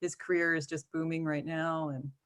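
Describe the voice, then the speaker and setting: A woman's voice: deep voice, little pitch movement, normal speed, a bit bright. A middle-aged woman filmmaker speaking animatedly in a Q&A over a video call, laughing often and acting out quotes. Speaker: filmmaker and guest.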